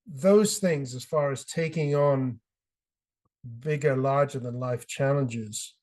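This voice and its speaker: A man's voice: medium pitch, darkish tone. A middle-aged British man, an author guest on a podcast, telling his story with passion and acting out quotes. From Britain. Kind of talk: podcast interview.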